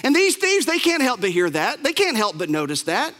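A man's voice: very high-pitched, huge pitch swings, a little fast, fairly bright tone, long reverb tail. A man preaching an impassioned sermon, telling a story dramatically in a church sanctuary.

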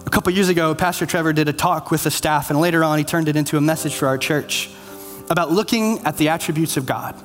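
Earnest male preacher, high voice, long church reverb, faint music behind. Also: fast. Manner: earnest, conversational, self-deprecating. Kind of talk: sermon.

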